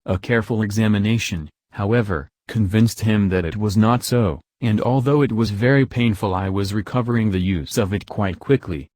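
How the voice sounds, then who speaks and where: A man narrating an audiobook in the first person, with an even, unhurried storytelling delivery. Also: on the low side, no echo.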